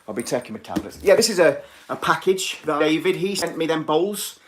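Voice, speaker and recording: A man's voice: on the high side, animated, brisk. A middle-aged English man with an English accent, rambling and restless as he chats casually to viewers on a woodworking live stream. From England.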